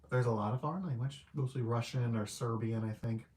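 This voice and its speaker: A man in a relaxed, mid-pitched voice reviews a film off the cuff. He wanders through his points, hesitates often, and fills the gaps with casual fillers. Now and then he chuckles at his own remarks. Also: brisk. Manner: rambling and hesitant, heavy use of "like" and "I don't know"; laid-back and conversational. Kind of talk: casual spoken movie review.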